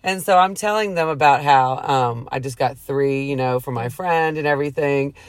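A woman's voice: extremely low pitch, normal speed, no echo. A woman who works a drive-thru, telling a story in a rambling, earnest way full of fillers. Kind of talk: casual chat.

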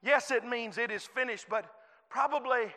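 A man preaching a fervent sermon as a guest preacher, swinging from soft passages to shouted ones. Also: very high voice, moderate pace. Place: church sanctuary. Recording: reverberant church hall.

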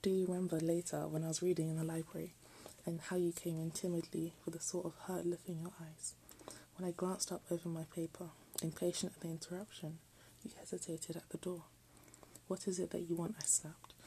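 Low, gravelly-voiced woman reading aloud. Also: mellow, slight background noise, rough recording. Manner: self-mocking. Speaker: reader. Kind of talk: reading a text aloud with joking asides.

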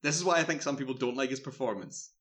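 Man, casual podcast chat, rambling film recap full of "like" and "um", mid-pitched voice. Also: fast. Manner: rambling, filler-heavy, animated retelling.

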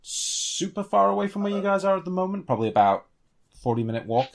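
A man narrating as game master in a tabletop role-playing game, relaxed and a little hesitant. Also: high-pitched, fast talker, gravelly.

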